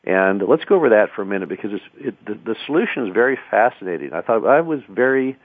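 A man with a low voice talks through public speaking advice in a loose, conversational way, often repeating words as he restarts. The sound is dry and narrow, like a tinny radio broadcast. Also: animated, fast, slightly rough, no room sound. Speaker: radio talk show host.

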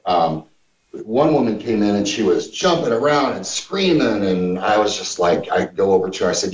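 A man's voice: lowish voice, normal speed. A man from Missouri, a former gym owner, telling blunt, profane stories in casual talk. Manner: blunt, profane anecdotes with lively shifts. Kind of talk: casual storytelling. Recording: roomy, distant, dull sound.

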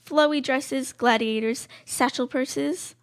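High-voiced teen girl co-host. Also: slow. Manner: upbeat, laughs often, lots of "like". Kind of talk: casual chat.

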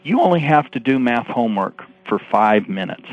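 A patient, clever mother lays out a plan for her young son, as a man puts her on in his radio story. She speaks calmly, at an ordinary pitch. The broadcast sounds slightly dull. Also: moderate pace, lightly acted. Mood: kindly.

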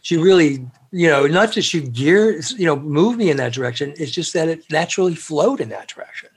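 A middle-aged man speaking as a guest in a relaxed interview. His voice sits a little high for a man, and he rambles through his stories with lots of fillers and "you know"s. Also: a little fast, husky. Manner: rambling, chatty, with many fillers and laughs. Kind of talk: casual storytelling interview.

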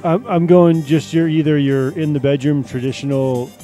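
A man guest on a casual podcast, rambling through his guesses and drifting off quietly. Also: fairly high pitch, level tone, normal speed, soft background music. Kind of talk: casual chat.

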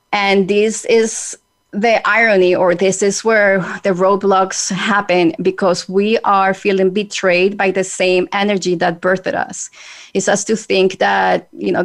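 A woman with a Spanish accent hosts a reflective podcast conversation. Her voice sits at a middle pitch. She speaks earnestly and deliberately, pausing on small fillers as she gathers her thoughts. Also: gravelly. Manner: earnest, measured, with hesitant fillers. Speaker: podcast host.

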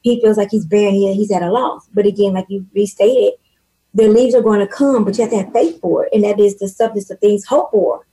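A husky woman talks loud and out there, building her points like a preacher with vivid examples. Her voice has a breathy edge at a middle pitch, and she pushes forward with energy. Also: a little fast, rough recording. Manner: loud, animated, preachy storytelling. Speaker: podcast guest. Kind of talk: casual faith and business chat.

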